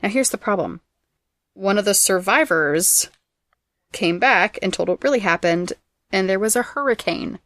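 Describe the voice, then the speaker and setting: A woman hosting a podcast who reads out trivia facts in a brisk, teasing way and laughs often. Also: mid-range voice, animated, fairly bright tone, no room sound. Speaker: podcast host presenting trivia. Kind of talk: casual trivia chat, reading facts.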